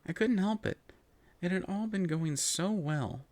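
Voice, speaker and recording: A man narrating a first-person story in an expressive, melodic reading voice. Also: high-pitched, measured pace, no room sound.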